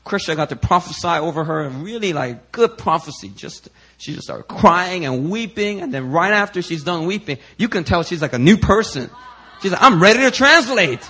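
A man preaching, telling a chatty testimony in an animated, storytelling way with lots of fillers. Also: on the high side, moderate pace, husky.

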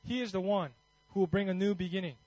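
A man's voice: sits high, quick pace, a little mellow, no room sound, low-quality recording. A man preaching a Christmas sermon in a conversational way, then leading a fervent prayer. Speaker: pastor.

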